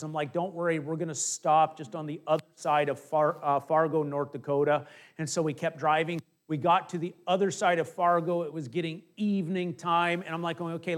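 A middle-aged male pastor preaching a conversational sermon, acting out little asides and dropping from emphatic to hushed. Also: a little high.

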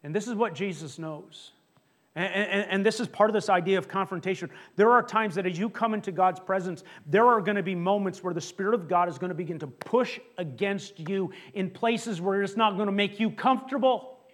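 A man preaching a sermon as pastor, conversational and animated, acting out quotes and often restarting his words. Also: high-pitched, brisk. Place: church sanctuary.

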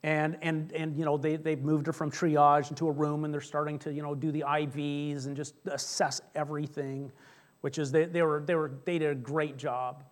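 A man's voice: a little high, level tone, moderate pace. A middle-aged man preaching a sermon as pastor, telling a personal story in a chatty, joking way. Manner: chatty storytelling, jokes with congregation.

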